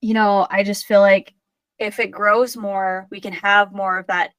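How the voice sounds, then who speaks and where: A woman's voice: mid-range voice, little pitch movement, unhurried, a bit bright, dry recording. A young adult woman hosting a podcast, talking casually with frequent laughs and lots of "like". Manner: chatty, laughs often, says "like" a lot. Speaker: podcast host. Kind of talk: casual chat.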